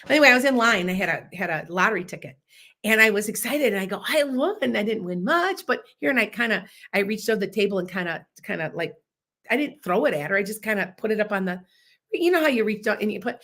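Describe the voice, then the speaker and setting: Woman host in her fifties, loud, boisterous, casual live chat storyteller. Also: medium pitch. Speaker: podcast host.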